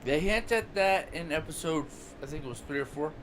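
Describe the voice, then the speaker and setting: A man's voice: fairly high pitch, brisk, a bit bright, low-quality recording. A man co-hosting a podcast in casual chat, rambling and opinionated. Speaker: podcast co-host. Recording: noticeable background noise.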